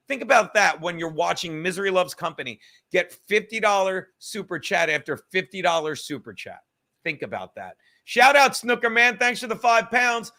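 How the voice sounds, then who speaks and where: A young man hosting a livestream, talking in a profane, rambling, animated way. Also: high-pitched. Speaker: livestream host. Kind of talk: casual livestream rant.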